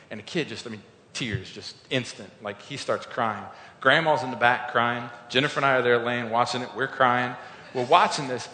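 A man giving a conversational sermon, telling stories informally and building to loud, emphatic peaks. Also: mid-range voice, moderate pace, a little hiss or hum. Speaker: preacher. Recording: echoey hall.

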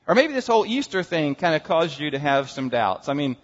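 A man's voice: on the high side, very animated, brisk, few pauses. A man preaching a conversational Easter sermon to his congregation, talking casually and acting out the inner voices of his listeners. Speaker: pastor. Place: church sanctuary. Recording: dull sound in a reverberant hall.

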